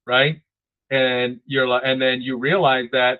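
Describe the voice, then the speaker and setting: A man's voice: mid-range voice, steady tone, measured pace. A man giving a casual real estate sales training, often repeating words and checking in with "right?". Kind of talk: training talk. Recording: dry, phone-like lo-fi audio.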